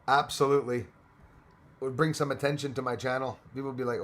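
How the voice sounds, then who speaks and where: A man's voice: medium pitch, fairly even intonation, quick pace, a bit bright. Chatty Canadian man hosting a livestream. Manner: chatty, thanks viewers by name, laughs often. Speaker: livestream host. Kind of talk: casual livestream chat.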